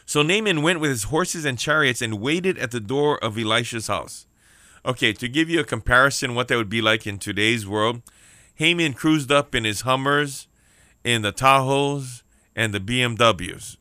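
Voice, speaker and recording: A man's voice: medium pitch, normal speed, bright, forceful tone, no room sound, studio quality. A man preaching a sermon on the radio, emphatic, repeating key lines and calling out for amens. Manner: emphatic preaching with repeated phrases and call-outs for amen.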